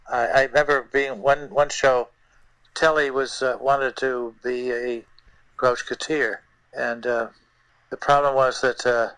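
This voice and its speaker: An older man, a guest puppeteer, telling stories in an interview in a halting way, repeating words and using many fillers. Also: medium pitch, fairly bright tone, no echo, poor audio. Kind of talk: anecdotal interview storytelling.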